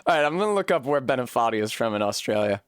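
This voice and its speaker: A man streaming a game live, animated and swearing freely between bursts of laughter. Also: mid-range voice, rapid-fire, clean tone, no echo, studio quality. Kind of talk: live gameplay commentary.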